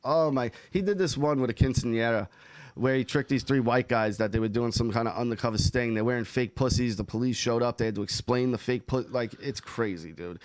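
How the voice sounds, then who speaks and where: A man's voice: mid-range voice, a little fast, no echo. Profane, emphatic podcast host man. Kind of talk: casual chat.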